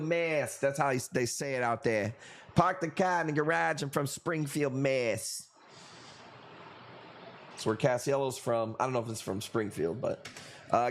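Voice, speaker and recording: A man's voice: mid-range voice, slight background noise. A man hosting a live coral auction stream, bantering loosely and profanely with viewers and calling out bids.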